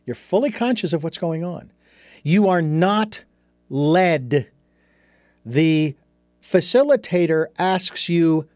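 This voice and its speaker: A man's voice: fairly high pitch, animated, slow, long pauses, darkish tone, no room sound. A man as an interview guest, telling a story and explaining his ideas in an earnest, thoughtful way. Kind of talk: reflective storytelling in conversation.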